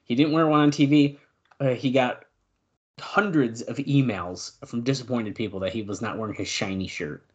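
A male podcast co-host in casual chat, reading out old news notes and adding quick asides. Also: medium pitch, lo-fi sound.

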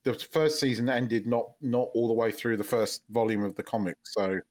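A man co-hosting a casual podcast chat, animated and quick to laugh. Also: mid-range voice. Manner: animated, laughs loudly, shouts impressions. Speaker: podcast co-host.

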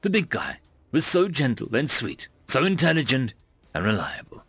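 A man narrating first-person fiction in an expressive reading voice. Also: medium pitch, normal speed, husky, no room sound. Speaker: audiobook narrator.

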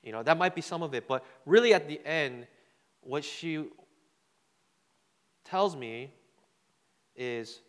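A man's voice: a little high, lively intonation, takes it slowly, pauses often. Man preaching in a reverberant hall. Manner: loose, conversational, repeats words, asks the crowd "right?". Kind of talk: sermon with a personal story.

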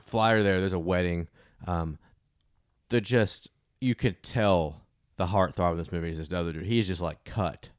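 A man's voice: sits low, normal speed, no echo, studio quality. A young man rambling casually through a movie review, full of fillers and restarts.

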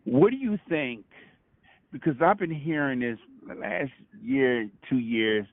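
A man's voice: medium pitch, sing-song, unhurried, no room sound. Brooklyn-man calling in by phone. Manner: stammering restarts, keeps saying "you know what I'm saying". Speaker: caller. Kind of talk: casual testimony on a call. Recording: dry tinny phone line.

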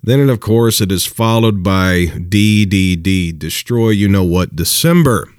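A man's voice: fairly low pitch, measured pace, smooth, no room sound, studio quality. A man preaching dating advice in a casual talk, emphatic and repetitive, chuckling between points.

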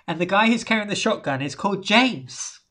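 A woman's voice: mid-range voice, lively intonation, a little fast, a bit bright. A woman co-hosting a casual podcast, recapping a film in a rambling way with dry asides. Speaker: podcast co-host.

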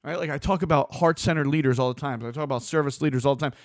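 Guy ranting on his soapbox, kinda high voice, blunt and sweary, dry close sound. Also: rapid-fire, no room sound. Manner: blunt, swears freely, animated. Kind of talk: opinionated monologue.

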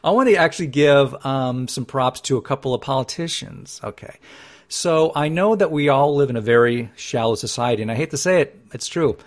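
A man co-hosting a political talk show, chatting casually with frequent laughs and lively asides. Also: medium pitch, brisk. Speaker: podcast co-host.

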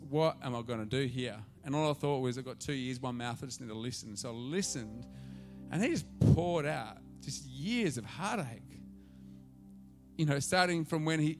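A pastor with a mid-range voice preaches a sermon built around a story, swinging between hushed asides and loud, excited calls.

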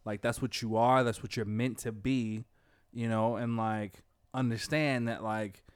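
A man's voice: mid-range voice, steady tone, measured pace, clear, resonant tone, no echo, studio quality. Chatty man talking casually. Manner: loose and chatty, many fillers like "like". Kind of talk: casual chat.

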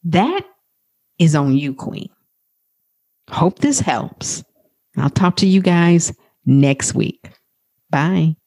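A woman life coach hosting a motivational podcast, talking in an animated, profane way. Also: drawn-out words, pauses often, husky, dry recording, studio quality. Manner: animated, profane, acts out quoted talk in a high voice.

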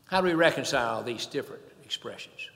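A man's voice: mid-range voice, expressive, quick pace, gravelly, fairly bright tone, long reverb tail. A man preaching a sermon, emphatic, swelling and dropping in volume.

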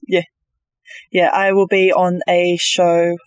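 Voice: mid-range voice, monotone, takes it slowly, clear, resonant tone, no echo. Enthusiastic Australian player, dry mic. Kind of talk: casual chat.

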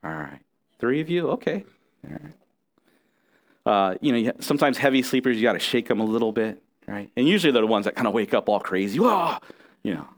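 A man's voice: medium pitch, lively intonation, fast talker. A middle-aged man preaching a sermon as pastor, earnest and conversational, with restarts and asides to the congregation.

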